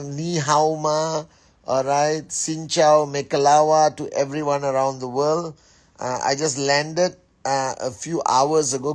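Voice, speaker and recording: A man hosting an Instagram live on his phone, greeting viewers by name and giving an upbeat, rallying pep talk. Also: medium pitch. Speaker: network marketing leader hosting an Instagram live. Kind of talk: casual live-stream shout-outs and pep talk.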